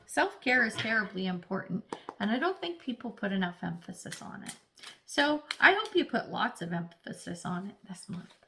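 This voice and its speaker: A woman's voice: mid-range voice, big pitch swings, normal speed, gravelly, sharp tone, slight background noise. A woman giving a casual, chatty tarot reading, playfully acting out little voices as she talks. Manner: speaks of herself as an earth sign. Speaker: tarot reader.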